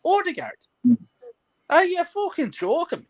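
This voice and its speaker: A man's voice: very high voice, wildly swooping pitch, a little slow. A man ranting furiously about his football club as a guest, sweary and emphatic, repeating words for effect. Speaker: guest fan. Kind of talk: heated football rant.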